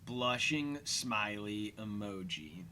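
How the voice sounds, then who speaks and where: A man's voice: on the low side, animated, slow pace, pushed and bright, a little hiss or hum. A man hosting a casual commentary podcast, retelling an episode with lots of fillers and quoted lines. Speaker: podcast host.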